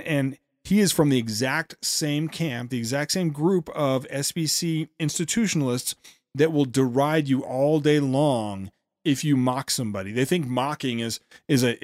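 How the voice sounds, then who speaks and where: A man's voice: mid-range voice, no echo. A male podcast host comments critically on a speech, sarcastic and often restarting his sentences. His voice sits in a middle range for a man. The sound is dry and close. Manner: sarcastic, with many halting restarts.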